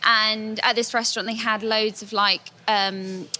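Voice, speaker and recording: A young woman, a digital intern, chatting casually on a podcast, with lots of fillers and quick giggles. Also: medium pitch, level tone, sharp tone.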